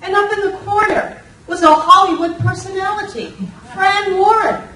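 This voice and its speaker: An older woman from Massachusetts performing a personal story live, animated and slipping into voices and bits of song. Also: extremely high pitch, moderate pace. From Lawrence, Massachusetts. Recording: roomy, distant from the mic, faint room noise.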